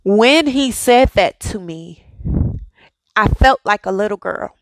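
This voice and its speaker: A woman's voice: mid-range voice, lively intonation, slow, no room sound, rough recording. A woman in her thirties hosting a devotional podcast, telling a personal testimony in a conversational way and often checking in with "okay?". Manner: storytelling, conversational, emphatic "okay?" asides.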